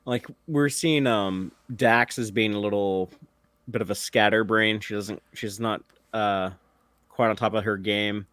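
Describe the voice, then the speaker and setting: Low-voiced laid-back man, dry sound. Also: fairly even intonation, fairly bright tone, clean tone, no room sound. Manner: laid-back, explanatory, halting. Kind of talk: casual fan commentary chat.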